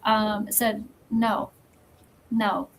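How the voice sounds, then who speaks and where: A woman talking as a podcast guest, telling a story in a measured, firm way with pauses. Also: medium pitch, completely flat delivery, a little hiss or hum, low-quality recording. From Texas. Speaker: podcast guest, magazine founder. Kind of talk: casual interview chat.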